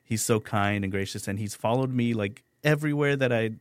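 A man's voice: on the low side, brisk, clear, resonant tone, dry recording. A man, a restaurant owner, chatting as a guest on an interview show, eager and stumbling over repeated words. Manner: enthusiastic, repeats words when excited. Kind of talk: casual interview chat.

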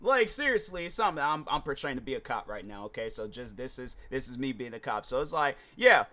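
A man's voice: mid-range voice, expressive, fast, sharp tone. A man hosting his own podcast, talking in a casual, rambling and slangy way with frequent restarts. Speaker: podcast host. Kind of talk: casual solo podcast monologue.

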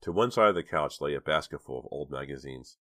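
Deep-voiced male audiobook narrator. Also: lively intonation, quick pace, a bit bright, no echo, studio quality. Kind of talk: scripted narration.

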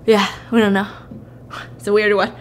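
A woman's voice: medium pitch, normal speed, slight background noise. A woman hosting a podcast, casually retelling a film plot and acting out the quotes. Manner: animated, acts out the quotes. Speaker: podcast host.

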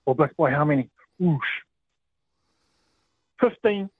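A man with a New Zealand accent calling in to a radio show, talking in an excitable, rambling way with lots of exclamations. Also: a little high, slow, husky, no room sound. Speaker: caller. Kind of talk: casual phone call to radio. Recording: tinny phone line.

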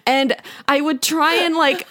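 A young woman casually telling a rambling story to a friend, full of fillers and laughter. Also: medium pitch. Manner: rambling, heavy use of "like", laughs while telling stories.

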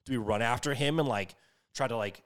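Swearing, animated young man telling a story. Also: medium pitch, fairly quick. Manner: animated, swears a lot, many fillers. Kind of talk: casual storytelling.

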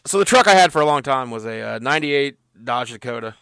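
A man's voice: mid-range voice, lively intonation, fast, fairly bright tone, clean tone, no echo, studio quality. A man co-hosting a podcast, telling a rambling story in a laid-back, casual way with lots of fillers. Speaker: podcast co-host. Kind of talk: casual chat.

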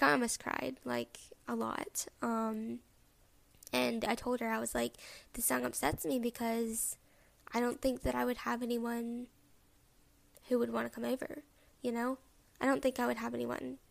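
A young woman hosting a podcast, talking reflectively and haltingly with many ums, open about her feelings. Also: fairly high pitch, vocal fry. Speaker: podcast host. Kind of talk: personal reflective podcast talk.

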